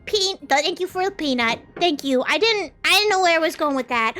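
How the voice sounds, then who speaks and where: Squeaky-high young woman streaming, chaotic, bouncy, faint music behind. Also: lively intonation, brisk, hardly any pauses, sharp tone. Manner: chaotic, giggly, trails off and restarts, playful voices. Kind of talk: casual live-stream chat.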